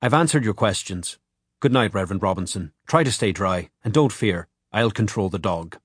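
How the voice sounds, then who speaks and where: A man reading an audiobook, voicing a quiet, guarded Irish father who speaks low and tersely. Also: expressive, moderate pace, breathy edge, dry recording, clean studio sound. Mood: firm.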